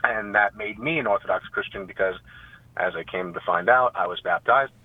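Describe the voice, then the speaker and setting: A man's voice: on the low side, normal speed, breathy edge, no echo. A young man with a New York accent, calling into a radio show and rambling with many fillers and restarts. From Staten Island, New York. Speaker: caller. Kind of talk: casual phone call. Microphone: phone. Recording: dry tinny phone line.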